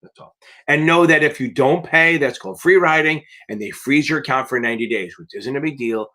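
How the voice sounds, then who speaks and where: A man's voice: mid-range voice, fairly quick, pushed and bright. A man tutoring for a finance licensing exam on a live question-and-answer stream, talking bluntly and emphatically and swearing for emphasis.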